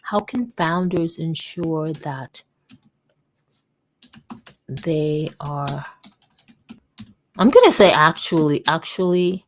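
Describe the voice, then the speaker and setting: Woman, lowish voice, casual rambling livestream, self-interrupting, desk mic, keyboard clicks. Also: animated, slow, long pauses, a little hiss or hum. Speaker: vlogger and livestream host. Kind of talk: casual livestream while typing. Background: keyboard typing.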